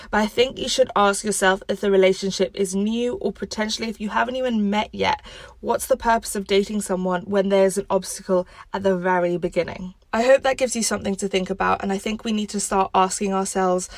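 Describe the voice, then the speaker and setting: A woman's voice: mid-range voice, no echo. Woman, relationship advice host, firm and analytical, dry close sound. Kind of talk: explanatory advice commentary.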